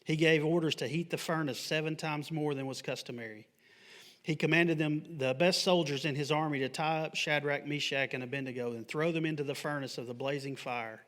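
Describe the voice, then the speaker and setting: A man's voice: a little high, fairly even intonation, a little fast, a bit bright. A man preaching a sermon at church, reading scripture aloud and then explaining it with emphatic pushes, sometimes asking the congregation questions. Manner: asks the congregation questions in an offhand, joking way. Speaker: pastor. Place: church sanctuary.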